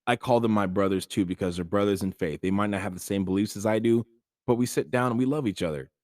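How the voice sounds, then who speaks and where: Earnest low-voiced male podcast host. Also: fast, a little mellow, dry recording, studio quality. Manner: earnest, conversational, many fillers. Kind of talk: casual monologue on faith.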